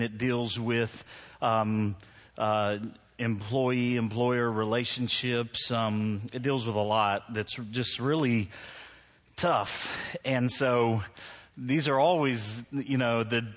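A man's voice: mid-range voice, fairly bright tone. Joking middle-aged preacher man. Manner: joking, self-deprecating, with laughs. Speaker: pastor. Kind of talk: sermon. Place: church sanctuary.

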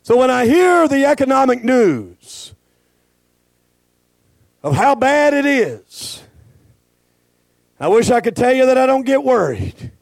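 A male pastor, preaching a folksy, joking sermon that swells into shouting. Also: extremely high pitch, vocal fry, no echo.

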